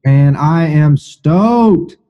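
A man's voice: a little high, lively intonation, extremely slow. A man from Georgia with a country Southern accent, co-hosting a casual podcast in an easygoing, self-deprecating way. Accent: rural Georgia, Southern US. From Georgia, USA. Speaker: podcast co-host. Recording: dull lo-fi audio.

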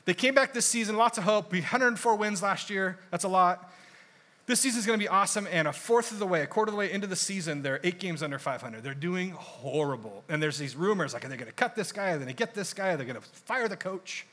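Bright-voiced man preaching conversationally. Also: high-pitched, fast. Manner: conversational, animated storytelling with asides. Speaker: pastor. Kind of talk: sermon.

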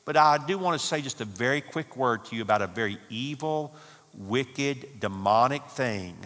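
A man's voice: medium pitch, a bit bright. A man giving a humorous, folksy sermon talk at a marriage conference. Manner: folksy storytelling with Southern phrasing. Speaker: conference speaker. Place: church conference hall. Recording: hall reverb.

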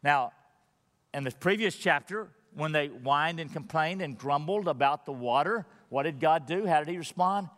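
A man preaching in a high, bright voice that carries a long reverb from a large hall. He delivers his sermon conversationally, putting rhetorical questions to the congregation. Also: normal speed. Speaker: pastor.

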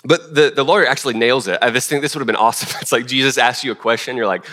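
A man preaching a sermon in a relaxed, conversational way, full of restarts and self-deprecating asides. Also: mid-range voice, very fast, hardly any pauses. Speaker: pastor.

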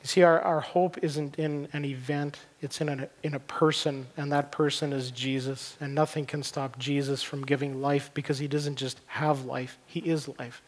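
Barely pausing, a middle-aged pastor preaches at a moderate pace in a slightly high, flat voice. He sounds earnest and conversational, repeating words as he looks for them, and the church hall's long reverb hangs over everything.

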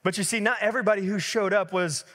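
A man in his thirties preaching a sermon as a pastor, telling stories in a lively conversational way with many fillers. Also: sits high, fast, long reverb tail.

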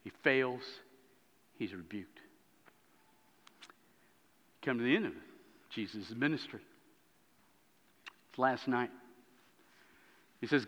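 A man preaching a sermon as a pastor, telling a story with lively swings between loud and hushed moments. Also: mid-range voice, slow, long pauses. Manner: animated storytelling, dropping to hushed tones. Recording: dull lo-fi sound in a reverberant hall.

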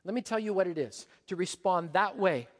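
A pastor preaching a sermon, animated, dropping to a hush and rising to a shout. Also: male voice, high voice, a little fast, big-room sound. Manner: animated, swings from hushed to shouting.

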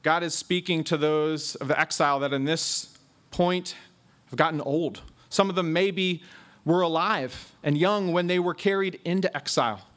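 A man preaching an expository sermon, stressing key words with slow, drawn-out emphasis. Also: fairly high pitch, a bit bright.

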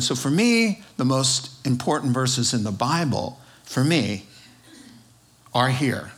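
A man's voice: on the high side, unhurried, fairly bright tone. Man preaching a conversational sermon. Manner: conversational preaching with fillers and restarts. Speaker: pastor.

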